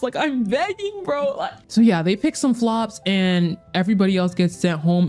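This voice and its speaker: Young woman ranting thru a reality tv recap, animated and fed up, lots of slang and laughing. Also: medium pitch. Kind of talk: casual commentary vlog.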